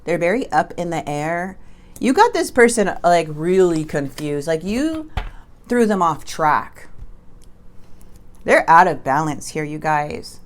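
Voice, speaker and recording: A woman with a somewhat low voice talks her viewers through a tarot spread in a loose, conversational way. She is emphatic when she warns them, and she often stumbles and restarts mid-sentence. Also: sing-song, takes it slowly. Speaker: tarot reader. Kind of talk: casual tarot reading to camera.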